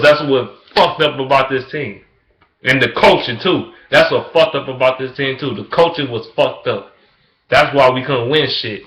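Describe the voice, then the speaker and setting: A young man in a casual sports rant, profane and emphatic, repeating himself, jumping from loud excitement to low mutters. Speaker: vlogger. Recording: echoey room.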